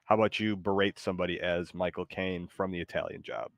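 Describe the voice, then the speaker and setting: A man hosting a live stream in casual, laid-back chat, often hesitant and quick to laugh. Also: low-pitched, fairly even intonation, gravelly, no room sound. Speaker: streamer host.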